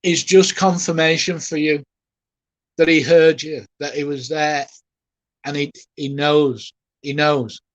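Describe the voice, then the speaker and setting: Gentle and halting, a man with a fairly high voice delivers a live mediumship reading, his emotion rising as he softly reassures the person before him. His tone is steady, and the sound is dry and close, with no echo or room around it.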